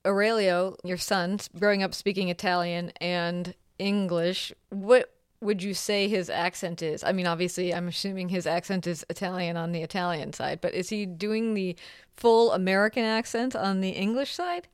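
A woman's voice: lowish voice, steady tone, moderate pace, smooth, no echo, studio quality. A woman co-hosting a podcast, asking curious follow-up questions in casual chat. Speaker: podcast co-host.

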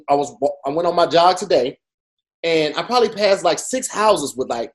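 A man co-hosting a podcast, talking in an animated, emphatic way full of fillers. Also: on the high side. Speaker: podcast co-host. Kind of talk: casual chat.

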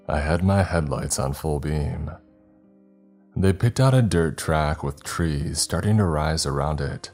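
A man reading a scripted first-person horror story in a steady, measured way. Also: rumbling low.

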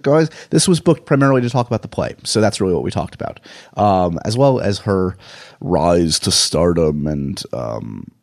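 A New York man with a somewhat low voice talks casually as a podcast host. He rambles and pokes fun at himself in a loose, chatty monologue. The sound is dry, with no room echo. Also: darkish tone. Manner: rambling, self-deprecating, chatty.

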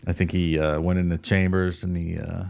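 A man's voice: sits low, little pitch movement, brisk, creaky, a little mellow. A man hosting a podcast in casual chat, laid-back and laughing often. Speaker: podcast host.

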